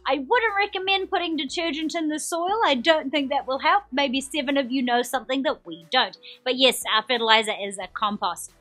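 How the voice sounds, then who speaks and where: A woman's voice: high voice, a little fast, few pauses, a bit bright, soft background music. A young adult woman from New Zealand with a New Zealand accent, hosting a live trivia quiz in an upbeat, chatty way and reading out viewer comments. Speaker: quiz show host.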